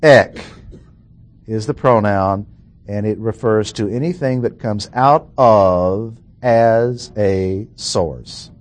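Slow, deliberate male Bible teacher. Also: lowish voice. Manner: slow, deliberate, repeats key phrases for emphasis. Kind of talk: expository Bible lesson.

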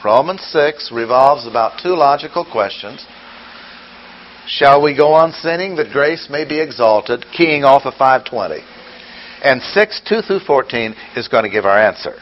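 Man, sermon, emphatic, rhetorical questions, lively intonation, dull lo-fi sound. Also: mid-range voice, unhurried, a little hiss or hum. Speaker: preacher. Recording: dull lo-fi recording with faint ambience.

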